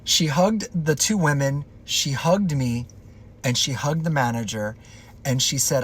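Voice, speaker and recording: Husky-voiced man telling a story. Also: mid-range voice, unhurried. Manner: chatty, loose retelling with filler words. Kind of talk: casual storytime.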